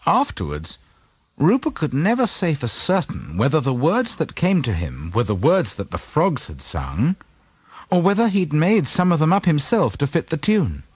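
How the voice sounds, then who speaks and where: A man reads a children's story aloud with a husky voice that rises and falls widely. The recording is close and dry, like a storybook cassette. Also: a little high, normal speed, no room sound. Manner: gentle, expressive storytelling. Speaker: narrator. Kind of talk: scripted storybook narration.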